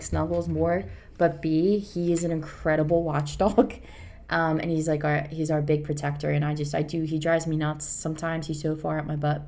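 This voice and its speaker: A woman's voice: sits low, creaky, darkish tone. A woman co-hosting a podcast in casual, earnest chat, rambling and reassuring. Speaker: podcast co-host.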